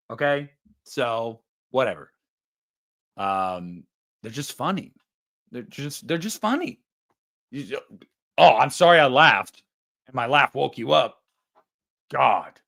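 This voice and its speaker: A man's voice: a little high, fairly bright tone. A man in his thirties hosting a livestream, chatting casually in a rambling, profane and joking way. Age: 30s. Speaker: livestream host.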